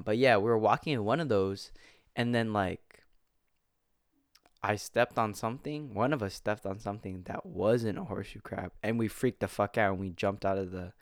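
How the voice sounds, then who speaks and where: A young man chatting casually into a close mic, rambling, swearing freely and bursting out in excitement. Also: lowish voice, no room sound. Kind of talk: casual chat. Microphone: close desk mic.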